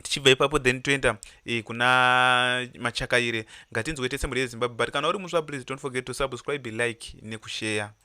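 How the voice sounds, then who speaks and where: Male news host, rapid and punchy, dry close sound. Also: mid-range voice, clear, resonant tone, dry recording. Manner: fast, bright and forceful, mixes English into his talk. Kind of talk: casual news commentary.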